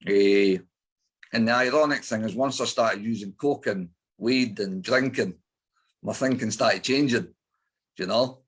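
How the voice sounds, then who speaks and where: A middle-aged Scottish man with an Edinburgh accent speaks in a fairly low, husky voice. He's an interview guest recounting his life story bluntly, swearing a lot and using plenty of fillers.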